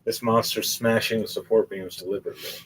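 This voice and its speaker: Rambling low-voiced game master. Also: male voice, fast, slight background noise, low-quality recording. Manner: rambling, excitable, profane storytelling. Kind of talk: narrating a tabletop game.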